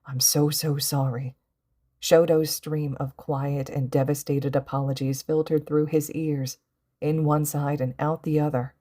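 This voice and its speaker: A woman with a low voice narrating a fan audiobook. Her reading is gentle and emotive. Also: level tone, a little slow. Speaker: podfic reader.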